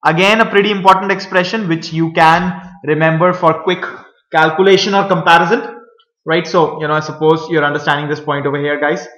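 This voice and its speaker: A man teaching a math lesson, talking viewers through each step with many pauses and fillers. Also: fairly high pitch, level tone, a bit bright, reverberant, poor audio. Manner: hesitant, many fillers, addresses viewers as guys.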